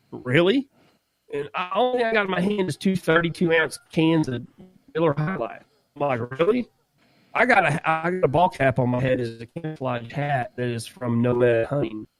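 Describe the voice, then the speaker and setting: A man co-hosting a podcast, telling a story in a casual, animated way and acting out what people said. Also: on the high side, poor audio. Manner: animated, laughs while telling, acts out quotes. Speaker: podcast co-host.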